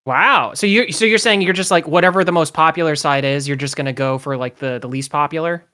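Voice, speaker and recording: A woman's voice: sits low, brisk, a bit bright. A woman hosting a podcast, putting co-hosts on the spot with teasing questions. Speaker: podcast host. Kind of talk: casual chat.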